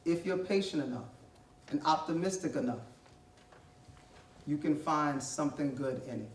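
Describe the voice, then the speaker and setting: A man with a fairly high voice gives a motivational storytelling talk in a casual, slangy way. He sounds distant, and the echo of a large room surrounds him. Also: moderate pace. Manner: animated, conversational, uses street slang. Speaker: guest speaker. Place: college library event room. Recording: echoey hall from far off.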